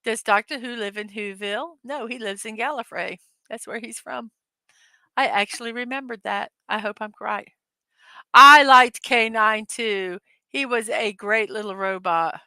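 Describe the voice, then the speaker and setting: Bright-voiced chatty woman hosting a livestream. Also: fairly high pitch, a little slow, dry recording. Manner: chatty, giggly, reads viewer comments aloud. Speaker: livestream host. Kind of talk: casual live-stream chat.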